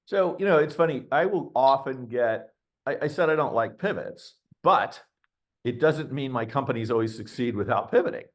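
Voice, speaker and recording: A man's voice: mid-range voice, animated, normal speed. A middle-aged man, a venture investor speaking as a webinar guest, talking bluntly and candidly, ranting and acting out quoted voices. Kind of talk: candid conversational webinar talk.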